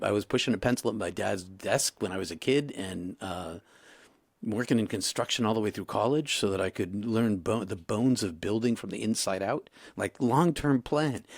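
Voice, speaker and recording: A man in his sixties, a guest in an interview, telling his story in a halting way with many restarts. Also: lowish voice, creaky, husky, dry recording, studio quality. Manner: halting, repeats and restarts, emotional retelling.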